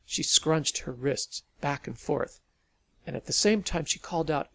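A man reading a story aloud as an audiobook narrator, in a steady storytelling manner. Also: on the high side, a little slow, vocal fry.

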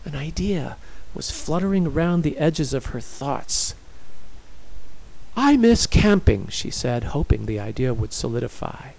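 A man narrating a story in a dramatic, expressive reading style. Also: medium pitch, normal speed, creaky, poor audio.

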